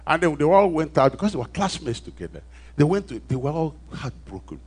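Preaching a storytelling sermon, a man with a Nigerian accent drops into hushed asides, rises to loud emphatic calls, and asks the congregation to respond. His voice is fairly high and fairly quick, with big pitch swings and a breathy edge.

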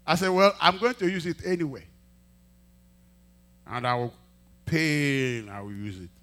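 A male pastor delivering a sermon in a fairly high voice. He tells stories and acts out both sides of the dialogue. He drops to near-murmurs and then climbs to loud, emphatic peaks. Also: a little slow. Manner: animated preaching, swinging from quiet asides to loud emphatic peaks; acts out quoted dialogue in storytelling. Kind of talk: sermon with testimony storytelling.

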